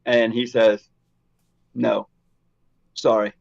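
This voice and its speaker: A man co-hosting a casual podcast chat, telling stories and acting out the quoted dialogue with lively energy. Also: medium pitch, extremely slow, vocal fry, muffled recording. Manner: animated storyteller, acts out quoted dialogue. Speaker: podcast co-host.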